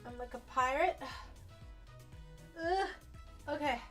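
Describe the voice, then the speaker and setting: Bright, animated woman streamer. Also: high-pitched, faint music behind. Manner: animated, quick to laugh, swears casually, self-mocking. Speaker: VTuber streamer. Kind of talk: casual cooking livestream chat.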